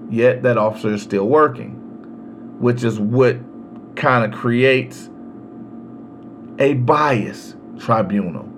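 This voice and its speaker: A man hosting a podcast, giving a slow, emphatic solo commentary on legal rights with long pauses. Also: medium pitch, a little hiss or hum. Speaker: podcast host.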